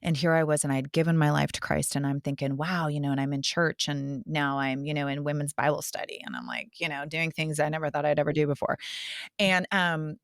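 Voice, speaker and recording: A woman's voice: sits low, little pitch movement, fairly quick, vocal fry, no echo, studio quality. A woman hosting a faith podcast, sharing her own story in a heartfelt, personal way before asking her guest a question. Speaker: podcast host.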